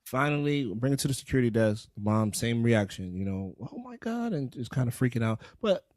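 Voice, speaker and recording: A man's voice: mid-range voice, brisk, darkish tone, no echo, clean studio sound. A young adult man co-hosting a casual podcast chat, laid-back and joking about parenting. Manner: laid-back, joking, laughs while telling stories. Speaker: podcast co-host.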